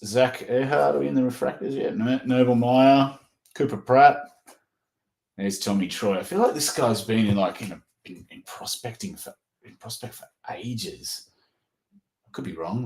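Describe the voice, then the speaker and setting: Australian man with a low voice opening trading cards. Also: a little mellow. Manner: rattles off player names, perks up at good pulls. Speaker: card breaker. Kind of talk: casual commentary while opening trading cards. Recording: roomy echo.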